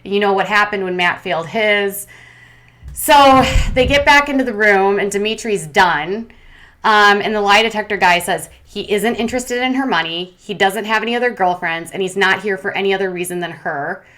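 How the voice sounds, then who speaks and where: Brief: woman, casual commentary host, opinionated and chatty, mid-pitched. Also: normal speed, a bit bright.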